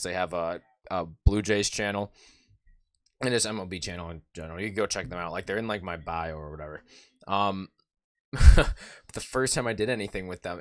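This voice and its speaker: A man with a sore throat streams live play-by-play and reactions, excitable and nervous, swinging between loud cheering and quiet muttering. He has a deep voice on a dry recording.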